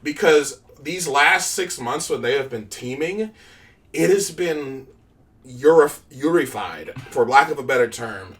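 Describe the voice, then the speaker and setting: A woman's voice: rumbling low, animated, measured pace, distant mic, faint music behind. A woman co-hosting a casual podcast chat, blunt, profane and opinionated. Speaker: podcast co-host.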